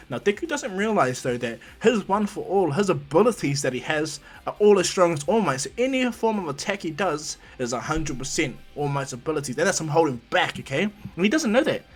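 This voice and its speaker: A man's voice: a little high, lively intonation, brisk, few pauses, husky. A man casually retelling a fan-made story, rambling with many restarts and acting out the characters' lines.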